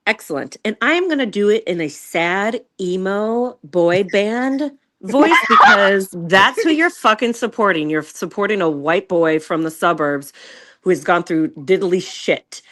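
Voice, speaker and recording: A woman's voice: mid-range voice, lively intonation, normal speed, fairly bright tone. A woman in casual podcast banter, blunt and profane.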